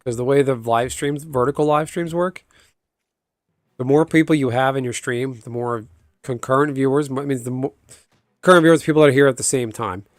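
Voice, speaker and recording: A man's voice: mid-range voice, fairly quick, no echo, studio quality. A man chatting casually on a livestream, rambling and answering viewers' chat aloud. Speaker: live streamer.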